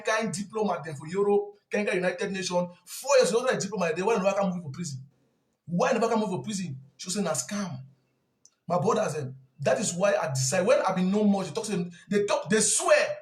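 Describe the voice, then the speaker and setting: A man's voice: high voice, echoey room. Intense man, Cameroonian Pidgin accent. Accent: Cameroonian Pidgin English. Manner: intense and emphatic, repeats lines for force. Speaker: speaker in a live video. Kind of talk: impassioned spoken confession.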